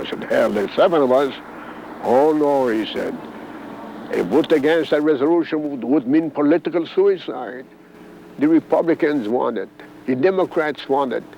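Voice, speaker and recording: A man's voice: medium pitch, a little mellow, a little hiss or hum. An older man from Corsica, a former congressman, telling his own story in an oral history interview and acting out the dialogue he quotes. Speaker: former congressman recalling events. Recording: dull archival interview tape.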